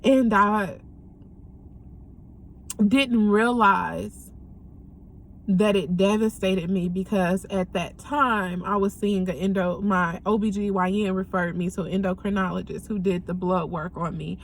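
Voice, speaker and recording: A young woman speaks in a plain, mid-pitched voice, telling her own story in a candid, earnest way. She talks haltingly, often pausing and filling gaps with ums as she gathers her thoughts. A faint hum of room ambience sits behind her. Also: steady tone. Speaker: vlogger sharing a personal story. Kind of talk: candid personal testimony.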